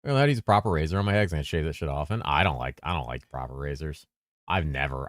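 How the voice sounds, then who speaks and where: A man streaming games, chatting loosely with his viewers in a deep, bassy voice. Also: expressive, quick pace, over music. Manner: rambling and loose, with bursts of laughter. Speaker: game streamer. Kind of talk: casual livestream chat answering viewers. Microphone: streaming mic through a mixer.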